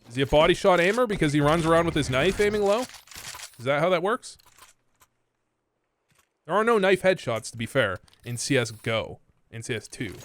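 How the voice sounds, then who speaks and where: A man's voice: a little high, lively intonation, moderate pace, long pauses, a bit bright. A young man from Canada giving casual, rambling commentary while reviewing gameplay, swearing and using lots of fillers. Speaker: gaming content creator. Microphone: desk microphone.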